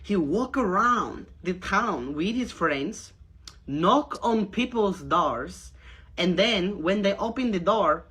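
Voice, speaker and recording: A woman's voice: mid-range voice, lively intonation, takes it slowly, fairly bright tone, slightly rough, full character voice. A woman making a prank call, putting on a thick, odd foreign accent and broken grammar as a pushy neighbor who keeps saying "honey." Her voice stays insistent throughout.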